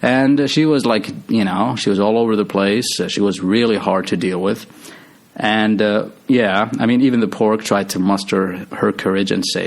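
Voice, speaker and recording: A man's voice: on the low side, normal speed, creaky. A man casually retelling a movie's story, rambling with lots of fillers and restarts. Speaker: movie recap host.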